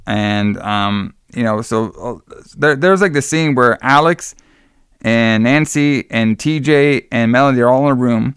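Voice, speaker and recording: A man's voice: mid-range voice, a little slow, clean tone, no room sound, clean studio sound. A man co-hosting a podcast, rambling casually as he retells a film's plot with loose, profane asides. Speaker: podcast co-host recapping a film. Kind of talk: casual chat.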